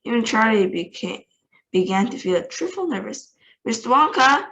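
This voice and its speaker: A woman's voice: medium pitch, big pitch swings, moderate pace, lo-fi sound. Woman reading a children's story. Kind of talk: reading a children's book aloud.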